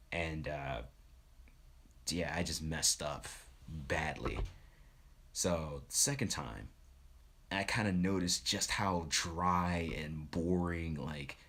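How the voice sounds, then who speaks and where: Deep husky young man telling a story. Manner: animated, slips into funny voices when quoting. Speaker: streamer. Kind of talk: casual storytelling.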